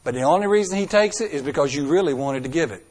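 A middle-aged man preaching a sermon. He talks emphatically, with dramatic swings in loudness and pace, and asks the congregation rhetorical questions. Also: fairly high pitch, animated, fast.

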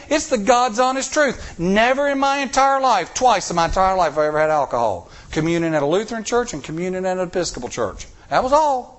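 A middle-aged man preaching a sermon, telling personal stories with animated, emphatic delivery. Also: high voice, quick pace, few pauses. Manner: animated, rising to emphatic peaks. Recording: recorded sermon tape.

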